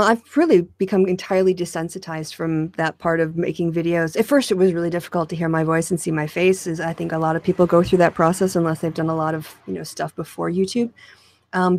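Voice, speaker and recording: A woman's voice: fairly low pitch, little pitch movement, brisk, no room sound. A woman co-hosting a casual online talk show, who laughs often and talks with many fillers. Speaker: podcast co-host. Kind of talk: casual chat.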